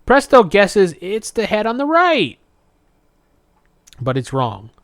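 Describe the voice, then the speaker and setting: Animated man recapping a cartoon. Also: high-pitched, takes it slowly, no echo. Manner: animated retelling, briefly mimicking characters' lines. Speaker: podcast co-host. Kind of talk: casual recap chat.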